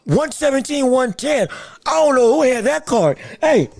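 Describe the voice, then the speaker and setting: High-voiced, excitable man hosting fight commentary. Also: moderate pace, a little hiss or hum. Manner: excitable, repeats himself, bursts into shouts; greets viewers from the live chat. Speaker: podcast host reacting to a boxing decision on a livestream. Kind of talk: live fight commentary and chat.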